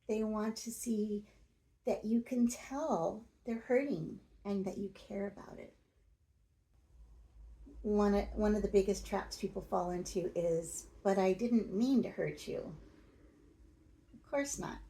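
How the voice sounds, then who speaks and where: Woman giving relationship advice, slow and plain, kind of gravelly, mellow low-key voice. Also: rough recording. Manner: plain-spoken, coaching, reassuring. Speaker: self-help video host. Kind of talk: advice monologue to camera.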